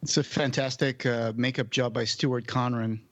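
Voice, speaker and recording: A man from the United States hosting a film commentary, relaxed as he points out scenes. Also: medium pitch, moderate pace. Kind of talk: casual commentary chat.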